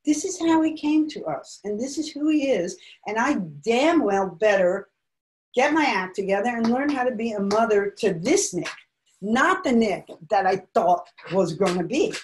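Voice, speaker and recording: A woman's voice: on the high side, expressive, normal speed, slight background noise, poor audio. Candid middle-aged woman telling her story. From Los Angeles, United States. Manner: candid, emotional, reflective. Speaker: guest speaker and author. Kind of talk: personal storytelling talk.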